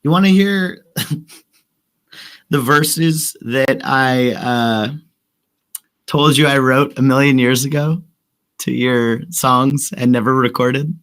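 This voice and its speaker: A man's voice: mid-range voice, slow, long pauses, a bit bright, clear, resonant tone. A sick man with a cough, co-hosting a casual stream chat as a rapper, joking and mocking himself. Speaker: co-host and rapper.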